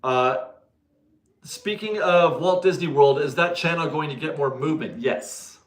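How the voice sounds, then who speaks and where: A man's voice: fairly high pitch, unhurried. Chatty man in an echoey room. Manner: chatty, laughs often, self-correcting. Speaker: livestream host reading viewer donations. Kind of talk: casual livestream chat.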